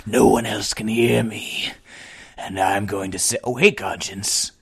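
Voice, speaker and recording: A man voicing someone's libido in a teasing, breathy whisper. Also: lowish voice, steady tone, unhurried, fairly bright tone, voice pushed down, full character voice. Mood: sly. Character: man's libido, male, sly and flirtatious.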